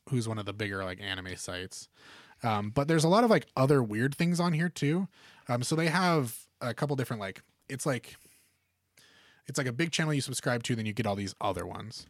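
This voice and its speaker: Male podcast co-host, casual chat, rambling with fillers, mid-pitched, dry room. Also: big pitch swings, moderate pace, dry recording.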